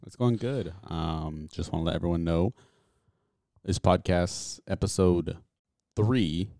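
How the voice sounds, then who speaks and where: A man's voice: low-pitched, unhurried, warm tone, dry recording, studio quality. A young man co-hosting a casual podcast, teasing his friend and laughing a lot. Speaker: podcast co-host. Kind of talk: casual chat.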